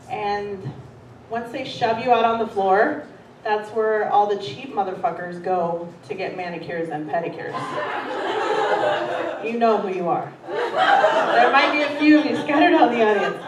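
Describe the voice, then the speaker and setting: A woman's voice: mid-range voice, recorded from a distance. A woman performing a profane, self-deprecating stand-up set in a comedy theater, laughing through her stories. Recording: roomy hall, heard from afar, noisy.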